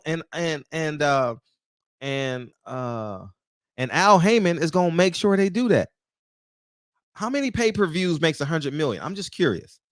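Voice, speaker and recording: A man's voice: fairly high pitch, no echo, studio quality. A man hosting a commentary show, ranting heatedly and firing off rhetorical questions. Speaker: boxing commentary host.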